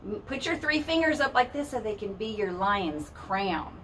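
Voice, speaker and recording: A woman's voice: medium pitch, lively intonation, moderate pace, a bit bright, far from the mic, slight background noise. A woman leading a children's storytime as a librarian, singing rhymes in a sing-song, playful way and roaring with the kids.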